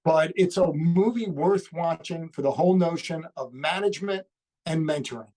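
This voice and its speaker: A man's voice: on the high side, normal speed, darkish tone, rough recording. A man co-hosting a casual chat, making his points through a string of rhetorical questions. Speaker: co-host.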